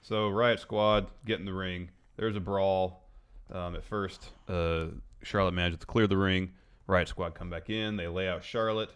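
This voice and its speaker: Deep-voiced matter-of-fact male co-host. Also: fairly even intonation, unhurried, fairly bright tone, clean tone. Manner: matter-of-fact, recaps events in order. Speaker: podcast co-host. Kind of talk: casual wrestling review chat.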